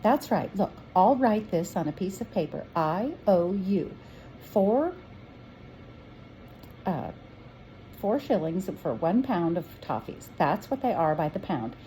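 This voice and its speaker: A kindly older shopkeeper woman from a storybook, homely and motherly, as a woman reading aloud puts her on. The voice is warm and soft-toned. It rises and falls freely. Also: on the low side, very animated, slow, a little hiss or hum, low-quality recording. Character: kindly older woman sweet shop keeper.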